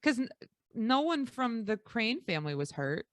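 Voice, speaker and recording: A woman's voice: on the high side, very animated, moderate pace, dry recording, studio quality. A woman co-hosting a podcast, chatting casually and chiming in with quips about the episodes. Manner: chatty, chimes in with quips and agreement. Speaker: podcast co-host. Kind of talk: casual recap chat.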